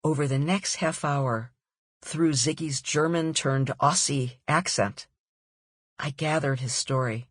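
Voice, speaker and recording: A woman author reading her own nonfiction audiobook in a measured, deliberate way. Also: deep voice, dry recording, clean studio sound.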